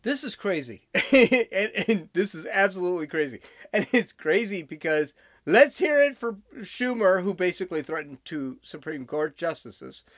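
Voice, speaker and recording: A man's voice: sits high, very animated, moderate pace, fairly bright tone, no room sound, clean studio sound. A man giving political opinion commentary on clips he plays, indignant and sarcastic. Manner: indignant and sarcastic, mocking voices.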